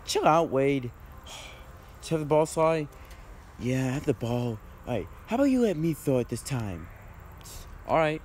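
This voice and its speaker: A man's voice: medium pitch, big pitch swings, moderate pace, pauses often, darkish tone, a little hiss or hum. A young man performing a casual improvised comedy skit, voicing several friends who bicker in whiny, slangy banter full of fillers.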